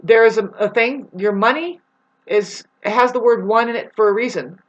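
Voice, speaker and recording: A woman in a rambling spiritual monologue, agitated and profane, swinging between loud outbursts and low muttering. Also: normal speed, highs cut off. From United States. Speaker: spiritual vlogger.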